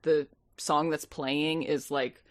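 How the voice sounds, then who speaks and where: A woman's voice: sits low, flat delivery, takes it slowly, slight background noise. A woman co-hosting a movie podcast, rambling and laughing as she picks apart a film. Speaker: podcast co-host. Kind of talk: casual movie-review chat.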